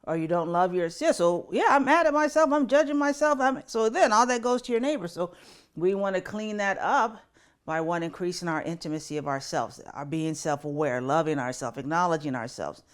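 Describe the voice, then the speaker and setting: A woman's voice: fairly low pitch, brisk. A woman pastor hosting a spiritual talk show, speaking earnestly and personally while holding back tears. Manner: earnest and personal, voice softening with grief. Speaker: pastor and podcast host.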